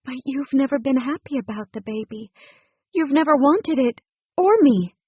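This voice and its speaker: A woman voicing a vulnerable, emotional pregnant young woman in an audiobook, her pitch raised and pleading. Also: moderate pace, dry recording, highs cut off, natural voice.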